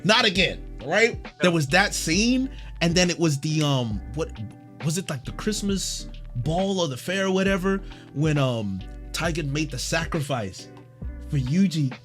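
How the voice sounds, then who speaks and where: A man hosting a casual podcast chat, animated and emphatic, swinging between hushed and shouting. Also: fairly high pitch, measured pace, soft background music. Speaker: podcast host.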